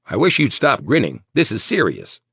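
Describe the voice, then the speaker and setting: A man voicing a nervous, sweating male mayor, talking in tense, insistent rapid bursts. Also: medium pitch, wildly swooping pitch, gravelly, fairly bright tone, slightly rough, no echo, clean studio sound, voice pushed up, full character voice. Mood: worried.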